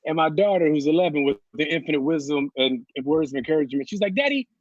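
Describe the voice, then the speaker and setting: A man in his thirties does a loose, profane stand-up set over a video call from his couch at home, laughing through his stories. His voice runs on the high side and a little mellow, he talks fast, and the audio is lo-fi with no echo.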